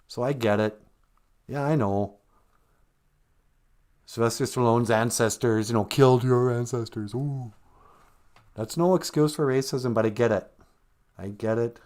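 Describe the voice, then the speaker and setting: A man with a lowish, slightly mellow voice hosts a live stream, chatting loosely and joking as he wanders from topic to topic. He reads viewers' comments aloud as he goes.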